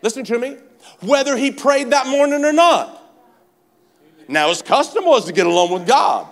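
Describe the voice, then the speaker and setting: Fervent high-voiced male preacher. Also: expressive, normal speed. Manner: fervent, repeatedly urges the congregation with "come on"; swings between shouting and quiet speech. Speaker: pastor. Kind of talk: sermon. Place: church service.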